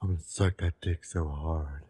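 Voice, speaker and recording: A man playing a crude, lewd fake woman on a prank call, with a husky voice and vulgar, growling come-ons. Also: extremely low pitch, steady tone, normal speed, mellow.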